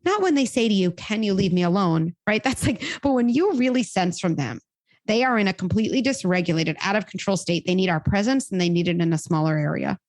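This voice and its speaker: A woman psychologist giving parenting advice in conversation, animated and acting out the lines parents and children say. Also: medium pitch, fairly quick, no room sound. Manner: animated, acts out quoted dialogue.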